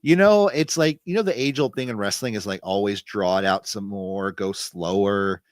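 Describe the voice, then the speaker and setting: In a casual wrestling recap, this podcast co-host rambles through his stories, restarting sentences and leaning on filler words. He speaks at a moderate pace in a lowish voice, recorded without echo.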